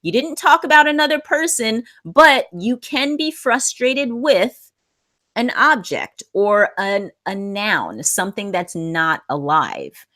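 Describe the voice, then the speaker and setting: Woman English tutor, live online class, unhurried and animated, patient and encouraging. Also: mid-range voice. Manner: patient, encouraging, corrects gently. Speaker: English teacher. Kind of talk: live online class, reading student sentences.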